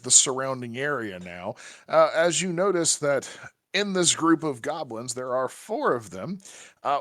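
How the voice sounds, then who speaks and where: Halting man running a tabletop game. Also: on the high side, fairly bright tone, dry recording. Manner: halting, with many ums and restarts. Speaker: game master.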